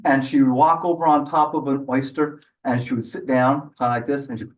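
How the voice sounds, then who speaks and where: A man's voice: mid-range voice, steady tone, fairly quick. Playful male storyteller heard from afar. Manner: playful, coaxing the audience to join in. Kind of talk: live folk storytelling. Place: living room of a home. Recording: voice from a distance.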